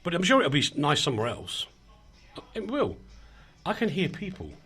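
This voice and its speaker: A man's voice: on the high side, wildly swooping pitch, moderate pace, sharp tone, slightly rough, faint music behind. A man hosting a radio show in a small studio, chatting casually and rambling in a self-mocking way. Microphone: studio microphone.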